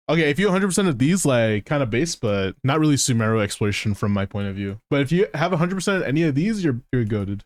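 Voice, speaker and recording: A man's voice: a little high, expressive, quick pace, few pauses, dry recording. Profane, teasing male game streamer. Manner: profane, teasing, laughs often. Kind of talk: casual live gameplay commentary.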